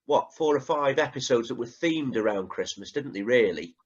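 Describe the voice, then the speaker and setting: A man's voice: mid-range voice, expressive, moderate pace, husky, dull audio. A man co-hosting a podcast in casual chat, chatty and fond of tag questions as he retells scenes. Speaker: podcast co-host.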